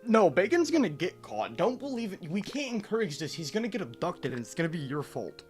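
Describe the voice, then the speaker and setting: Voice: medium pitch, very animated, brisk, soft background music. A live streamer in casual chat, ranting and teasing with exasperation and swearing.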